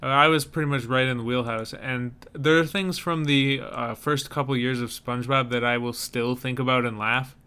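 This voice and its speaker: Young guy cohosting a chat show, bright crisp voice, jokey and easygoing. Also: medium pitch, fairly even intonation, normal speed, hardly any pauses. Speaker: podcast co-host. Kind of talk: casual chat.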